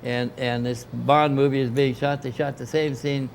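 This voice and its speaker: A man's voice: mid-range voice, level tone, normal speed, vocal fry, a little hiss or hum. Older man telling a rambling story. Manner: rambling, anecdotal, frequent restarts. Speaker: interview guest. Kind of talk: casual storytelling. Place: club dining room.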